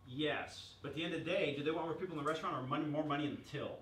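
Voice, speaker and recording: An American man presenting at a small business workshop, energetic and joking, asking the audience questions. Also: on the high side, rapid-fire. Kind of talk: live seminar presentation. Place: meeting room with small audience. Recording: roomy echo from a distance with faint noise.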